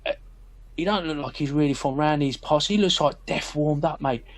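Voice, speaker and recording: A man's voice: a little high, normal speed, close to an everyday voice. A man voicing a streetwise man in a tabletop role-play, chummy and conspiratorial. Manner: chummy, conspiratorial, keeps saying mate. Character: streetwise burly man, chatty Cockney geezer.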